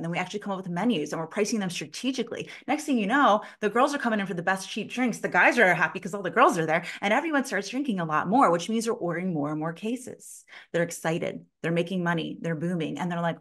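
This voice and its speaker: A woman's voice: mid-range voice, fast, few pauses. A woman in her thirties, a sales consultant telling stories in a casual interview, who acts out the people she quotes, swears freely and fills her talk with "like". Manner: animated, acts out quoted voices, heavy use of "like".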